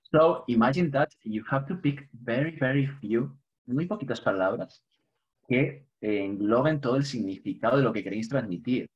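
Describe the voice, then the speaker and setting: A man's voice: medium pitch, fairly quick, slightly rough, lo-fi sound. A man from Spain, a native Spanish speaker with a Spanish accent, teaching an online English class, mixing both languages and chuckling now and then. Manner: switches between English and Spanish, chuckles often, light humor.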